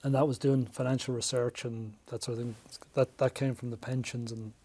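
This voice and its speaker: A man's voice: mid-range voice, a little fast. A man chatting in a podcast interview, telling stories and acting out quoted dialogue. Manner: animated storyteller, acts out quoted dialogue. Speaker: podcast guest, business coach. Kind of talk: casual interview chat.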